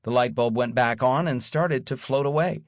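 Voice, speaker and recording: A man's voice: mid-range voice, normal speed, dry recording. A man narrating an audiobook in the first person, with wry, dry storytelling.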